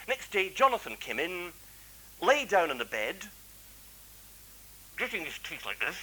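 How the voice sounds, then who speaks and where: Lively clergyman telling a story. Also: fairly high pitch, moderate pace, pauses often, slight background noise, rough recording. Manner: chatty, self-deprecating, many asides. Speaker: clergyman lecturer. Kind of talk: anecdotal public lecture.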